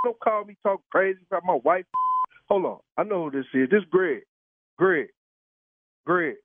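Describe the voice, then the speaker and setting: A man's voice: high-pitched, animated, a little slow, dry recording. A man taking a prank phone call, heated and swearing with incredulous laughs. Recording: tinny dry phone line.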